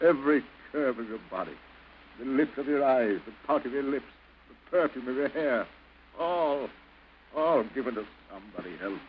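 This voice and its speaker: A man's voice: mid-range voice, expressive, normal speed, highs cut off, close to an everyday voice. An actor playing a bitter husband who coldly refuses his estranged wife, with theatrical early film outbursts, on an old hissy soundtrack. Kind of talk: early 1930s film acting.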